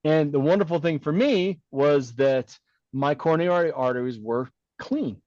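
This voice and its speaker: A man's voice: on the high side, moderate pace, dry recording, muffled recording. A middle-aged man, a podcast co-host, telling a personal story in casual chat, blunt and given to acting out the voices of the people in it. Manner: animated storyteller who acts out quoted dialogue.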